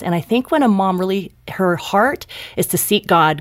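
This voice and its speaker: A woman author speaking as a guest in an interview, earnest and encouraging, quick to laugh. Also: mid-range voice, lively intonation. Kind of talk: casual interview chat.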